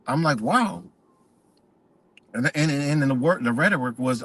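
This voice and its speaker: A man's voice: a little high, normal speed, pauses often, a bit bright. A man hosting a livestream, ranting in a profane, rambling way and repeating himself. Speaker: channel host. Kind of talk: livestream rant.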